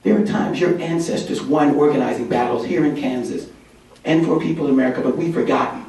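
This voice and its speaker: A man's voice: on the high side, brisk, a little mellow, close to an everyday voice. A man speaking as a wise, reassuring male wizard during a conference talk, heard from far off in an echoey hall. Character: smooth-talking male wizard giving advice.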